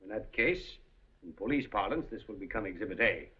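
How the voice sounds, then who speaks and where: An actor playing a suave, scheming café proprietor in a 1930s film, speaking in an urbane, deliberate way. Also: male voice, fairly low pitch, animated, husky. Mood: sly. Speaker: café owner. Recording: dull 1930s film soundtrack.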